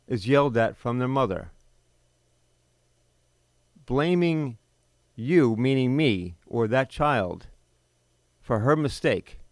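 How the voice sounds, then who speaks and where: A man's voice: mid-range voice, no room sound. Blunt, bitter middle-aged man. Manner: blunt, bitter, emphatic with sudden pauses. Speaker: podcast host. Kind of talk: personal storytelling monologue.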